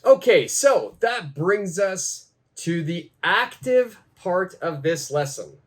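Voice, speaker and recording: A man leads an English lesson in an unhurried, careful way, saying each example twice so learners can follow. His voice sits a little higher than most men's, and he takes his time. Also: big pitch swings. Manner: repeats phrases slowly for learners. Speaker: English teacher. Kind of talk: slow, deliberate teaching.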